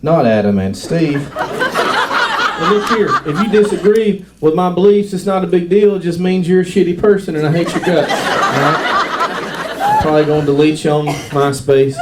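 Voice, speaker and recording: A man's voice: fairly high pitch, huge pitch swings, normal speed. Man doing stand-up, from afar. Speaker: stand-up comedian. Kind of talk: stand-up set. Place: comedy club stage before a laughing crowd. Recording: distant mic in a noisy crowded club.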